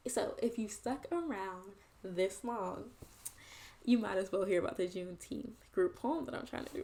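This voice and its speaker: In a casual monologue on her video channel, a woman who is a host and poet talks to her viewers earnestly and reflectively in a chatty way. Her voice is mellow and medium-pitched.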